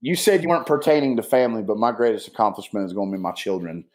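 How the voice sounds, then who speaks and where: A man's voice: fairly low pitch, racing, a crowd in the background, rough recording. A man who is a guest on a talk show, telling stories casually and reflecting earnestly, rambling with lots of fillers. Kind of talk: casual storytelling and heartfelt reflection.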